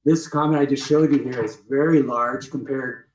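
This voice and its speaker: A man's voice: medium pitch, fairly even intonation, normal speed, darkish tone. A man presenting a webinar, teaching emphatically and repeating his points with rhetorical questions. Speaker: webinar presenter walking through his book. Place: outdoors with trees behind him. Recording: echoey sound, voice distant from the mic.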